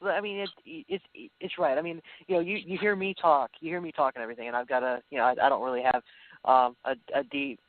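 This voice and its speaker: A man, a band singer guesting on a radio show, talking haltingly with many restarts. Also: a little high, fairly even intonation, no echo. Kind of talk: casual radio interview chat. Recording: dry, tinny phone-like radio sound.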